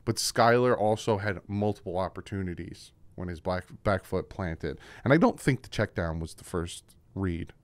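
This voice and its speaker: Male film-study host, lowish voice, dry close sound, emphatic and repeats himself. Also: moderate pace, no room sound. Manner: emphatic, repeats points, voice jumps when excited. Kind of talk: casual film-breakdown commentary. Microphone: desk microphone.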